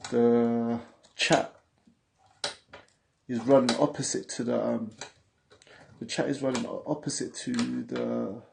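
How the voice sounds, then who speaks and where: A man's voice: mid-range voice, level tone, slow pace, gravelly, pauses often, music in the background. A man with a London accent, hosting a casual livestream, talking in street slang and reading out viewer messages. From England. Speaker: livestream host.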